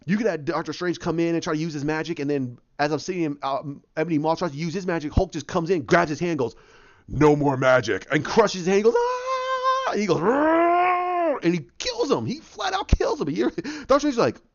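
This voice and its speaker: A man talks on his own podcast in a lively, rambling way, his voice rising and falling a lot and sitting a little high for a man. He jumps into quick voices and sound effects as he goes. The recording sounds dull and lo-fi. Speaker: podcast host. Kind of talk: casual solo podcast commentary.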